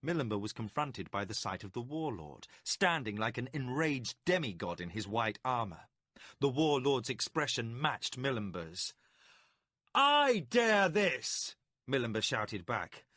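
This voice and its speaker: A man narrating an epic fantasy audiobook with a dramatic, expressive delivery. His pitch rises and falls in lively sweeps, and the tone is bright. The recording is close and dry. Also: moderate pace, no echo. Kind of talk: scripted narration.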